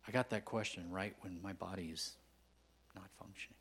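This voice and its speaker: A man preaching a sermon as a guest pastor, telling stories in a conversational way and swinging from hushed whispers to loud, emphatic outbursts. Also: low-pitched, fairly even intonation, moderate pace, a little hiss or hum.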